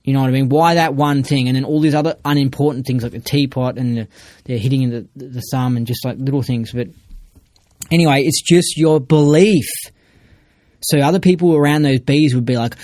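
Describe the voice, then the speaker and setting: A man's voice: fairly high pitch, normal speed, a little mellow, no echo. A man in a casual podcast monologue, ranting emphatically and swearing freely. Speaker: podcast speaker.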